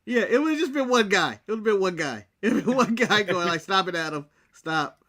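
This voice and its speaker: A man's voice: sits high, very animated, fast, sharp tone. An American man co-hosting a casual wrestling recap show, talking bluntly and laughing often. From United States. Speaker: podcast co-host.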